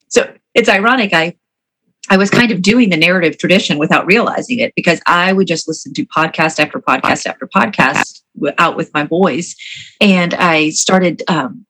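A woman's voice: lowish voice, a bit bright, low-quality recording. A woman guest on a podcast, talking casually with eager enthusiasm about her work as a teacher and coach. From Atlanta, Georgia, USA. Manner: eager and enthusiastic, quick laughs. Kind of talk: casual interview talk.

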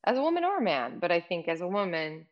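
A woman's voice: lowish voice, sing-song, quick pace, highs cut off. A middle-aged woman speaking candidly and emotionally in conversation, rambling with many fillers. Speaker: guest.

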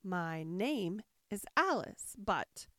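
A woman voicing a polite, gentle and curious young girl in a storybook reading, speaking with mild doubt. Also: mid-range voice, sing-song, very slow, no echo, clean studio sound, heavily acted.

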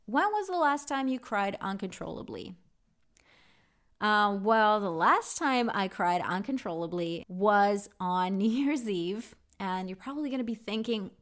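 A woman giving a casual English vocabulary lesson, chatty and candid, often pausing with "um". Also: medium pitch, very animated. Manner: chatty, candid, with frequent ums. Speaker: English teacher.

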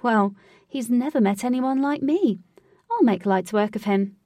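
A woman voicing a forthright, confident young woman who talks in a brisk, bossy, upbeat way. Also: a little high, very animated, mellow, no echo, studio quality, far from the mic.

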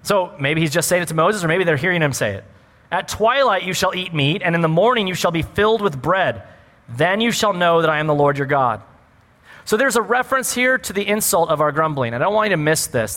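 High-voiced pastor preaching in a hall. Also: male voice. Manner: animated preaching, rhetorical questions. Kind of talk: sermon.

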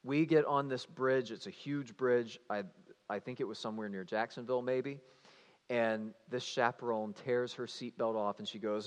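A man, a youth pastor telling stories in a lively, animated sermon, swinging between playful and hushed. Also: mid-range voice, moderate pace. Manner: animated storyteller, shouting and mimicking for comic effect. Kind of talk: storytelling sermon. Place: church hall. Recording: reverberant church hall.

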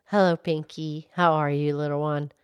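A woman putting on a soft, motherly cow. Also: sits low, level tone, smooth, dry recording, lightly acted. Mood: gentle. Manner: soft, slow, hushed and approving. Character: gentle motherly old cow friend. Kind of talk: children's podcast character voice.

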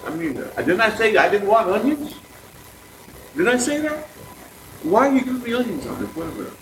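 A man from the congregation acting out an angry fast-food customer complaining about his order, in an indignant, whiny way. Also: sits high, sing-song, fairly bright tone, roomy sound, far from the mic, a little hiss or hum, voice pushed up, poor audio. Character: irate adult male fast-food customer. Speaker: congregation volunteer.

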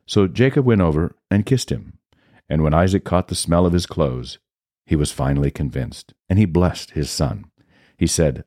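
A man hosting a podcast, reading scripture aloud at a steady, measured pace. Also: low-pitched, no room sound, studio quality.

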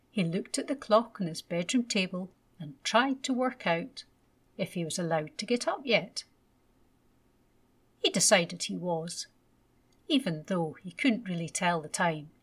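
A woman gently and expressively reading a children's bedtime story aloud. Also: fairly low pitch, husky.

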